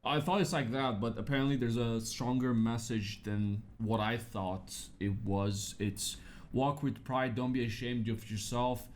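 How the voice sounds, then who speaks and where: A man's voice: mid-range voice, fairly even intonation, unhurried, a little hiss or hum. A man co-hosting a casual reaction show, sarcastic and crude, mocking what he watches. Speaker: co-host.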